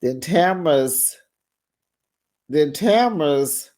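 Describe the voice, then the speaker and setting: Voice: mid-range voice, lively intonation, slow pace, darkish tone. A sassy, gossipy host giving a casual recap of a reality TV episode and talking straight to viewers.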